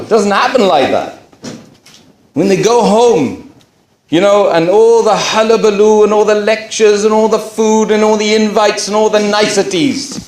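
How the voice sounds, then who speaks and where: A middle-aged man telling a personal story to an audience, acting out what others said and dropping into quiet asides. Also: sits high. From England. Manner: animated storyteller, acts out quoted voices, drops to quiet asides. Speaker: speaker telling his conversion story. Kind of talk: storytelling talk to a campus audience. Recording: echoey hall.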